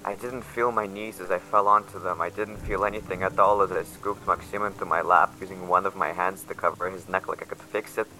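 A man's voice: sits low, steady tone, rough recording. Man narrating as a haunted young survivor. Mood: shaken. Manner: measured first-person narration, quiet and tense. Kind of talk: audio drama narration.

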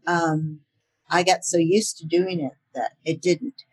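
A woman's voice: lowish voice, steady tone, slow pace, husky. An older woman voice actor chatting as an interview guest, laughing often and using many fillers. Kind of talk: casual interview chat.

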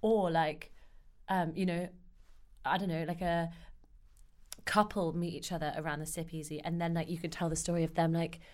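A woman's voice: on the low side, normal speed. Rambling British woman co-host. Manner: rambling, lots of fillers, animated. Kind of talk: casual panel chat.

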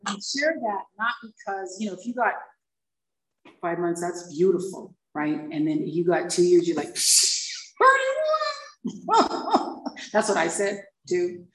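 A Hawaiian woman in her fifties gives a personal testimony about her recovery to a group, speaking at a normal speed in a lowish voice. She tells it vividly, acting out the dialogue and laughing a lot, while the echoey room and distant mic color the sound.

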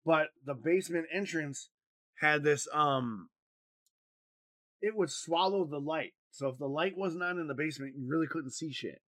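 A man from Wisconsin co-hosting a podcast, telling a rambling, profane story in a loose, animated way. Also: fairly high pitch, moderate pace, dry recording. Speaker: podcast co-host. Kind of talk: casual podcast chat, storytelling.

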